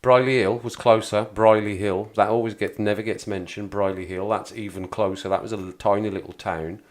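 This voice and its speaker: This man's voice sits on the low side, steady in tone and a little fast. Originally from the Black Country in England and carrying its accent, he hosts a livestream, chattering casually with his live chat, rambling and repeating himself.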